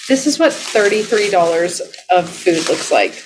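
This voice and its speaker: A woman's voice: fairly low pitch, lively intonation, moderate pace, background noise. A woman co-hosting a podcast in casual comedic chat, playful and self-mocking. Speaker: podcast co-host.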